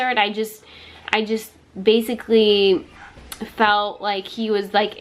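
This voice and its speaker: Woman vlogger doing a storytime, chatty and quick, keeps acting out what people said. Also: medium pitch, fairly bright tone. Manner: quick, chatty retelling that acts out other people's quoted words. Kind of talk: casual storytime.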